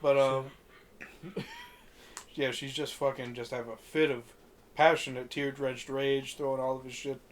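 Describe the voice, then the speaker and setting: A man's voice: mid-range voice, level tone, a little slow, long pauses, slight background noise. A man casually recapping a film on a podcast, rambling with fillers and swearing freely. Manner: rambling, many fillers, acts out quotes. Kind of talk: casual profane podcast chat.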